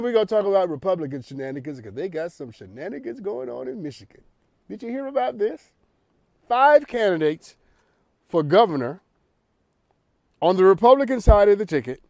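A man's voice: high-pitched, a little mellow, dry recording. A man hosting a talk show, delivering an emphatic, preachy monologue that repeats lines for effect.

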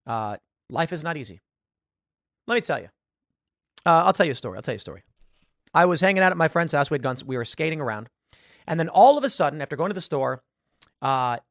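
A man's voice: on the high side, dry recording, clean studio sound. A man hosting a podcast, giving an opinionated commentary monologue and acting out the people in his stories. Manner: animated storytelling, acts out quoted voices. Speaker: podcast host.

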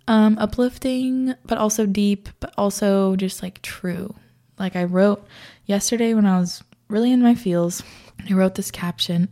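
A woman's voice: medium pitch, warm tone. A young woman hosting a podcast, chatting casually on her own, swearing freely and laughing often. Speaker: podcast host. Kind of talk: casual solo chat.

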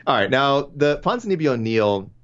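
A man co-hosting a casual podcast about fights, rambling and breaking off into quick asides. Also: mid-range voice, very animated. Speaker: podcast co-host. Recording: dull, lo-fi sound.

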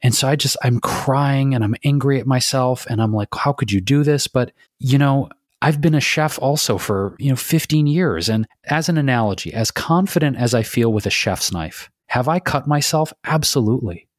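A man's voice: medium pitch, moderate pace, no room sound, studio quality. A man from Michigan telling a personal story on a podcast, candid and emotional, swearing often. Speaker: podcast co-host. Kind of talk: casual podcast conversation.

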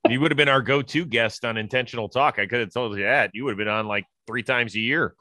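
A man's voice: medium pitch, fast, pushed and bright, no room sound, studio quality. A man hosting a casual interview, chatty and teasing his guest. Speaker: interview host. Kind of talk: casual chat.

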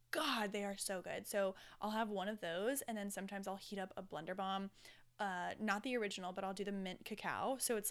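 Chatty woman, smooth voice. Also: mid-range voice. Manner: chatty, rambling, candid with casual swearing. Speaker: podcast host. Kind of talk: casual solo podcast chat.

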